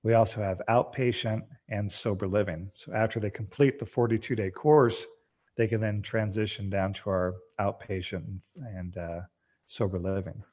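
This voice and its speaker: Man, low voice, podcast guest, energetic, acts out dialogue. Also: moderate pace. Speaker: guest, treatment center founder. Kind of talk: podcast interview.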